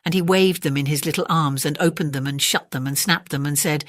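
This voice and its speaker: A storyteller reading a classic bedtime story aloud in a calm, measured way. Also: medium pitch, dry recording, studio quality.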